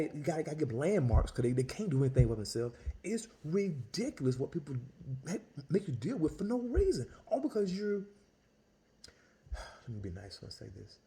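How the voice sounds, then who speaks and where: A man who sells Italian ice tells a story as a casual, exasperated rant, full of restarts and repeated words. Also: fairly high pitch. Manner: animated, exasperated, lots of restarts and repetition.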